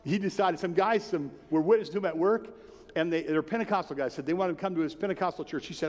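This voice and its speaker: A man preaching a sermon with earnest, animated delivery and many rhetorical questions. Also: fairly high pitch, quick pace. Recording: long hall reverb.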